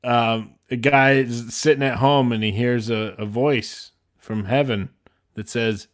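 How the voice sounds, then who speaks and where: A man's voice: fairly low pitch, moderate pace. A man hosting a casual comedy chat, telling stories and jokes and acting out the voices in them. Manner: storytelling, jokey, animated voices in quotes.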